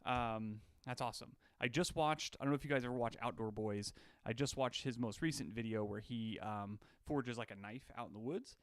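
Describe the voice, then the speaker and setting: A man's voice: mid-range voice, a little fast, clean tone, dry recording, clean studio sound. A young man from Alaska hosting a casual livestream, chatty and jokey, greeting viewers by name. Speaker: livestream host. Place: on his home deck.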